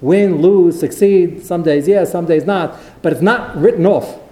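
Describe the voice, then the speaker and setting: A man delivering a Torah lecture, telling stories with animated, acted-out quotes. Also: high voice, unhurried. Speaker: rabbi. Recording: roomy echo.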